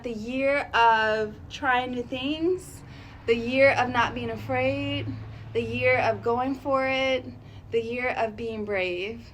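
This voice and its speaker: A woman with a slightly high voice rambles through a casual vlog, thinking out loud and calling herself a sensitive, emotional person. Her talk is loose and friendly, and a faint room ambience sits behind her. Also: a little hiss or hum. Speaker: vlogger.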